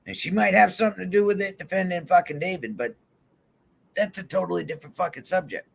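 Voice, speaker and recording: A man's voice: high voice, fast, vocal fry. A man on a vlog in a heated, swear-filled rant, calling people out directly. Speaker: YouTube vlogger. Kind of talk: angry profane rant to camera. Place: van.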